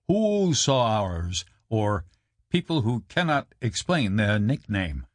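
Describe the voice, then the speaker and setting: Lively wry male audiobook narrator. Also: no room sound, clean studio sound. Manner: wry deadpan delivery with sudden jumps in pitch for punchlines. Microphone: close studio mic.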